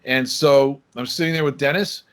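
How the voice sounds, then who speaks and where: This man, in his sixties and from Michigan, USA, has a mid-range voice and a moderate pace. He's a lively podcast guest casually telling stories in an interview and acting out the dialogue of the people in them.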